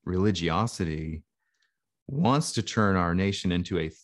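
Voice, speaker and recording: A man with a very low, deep voice talks through ideas in a loose podcast chat. He rambles, circles back and restarts his sentences as he thinks aloud. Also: a little slow. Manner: thoughtful, rambling, frequent restarts. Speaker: podcast co-host. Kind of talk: casual chat.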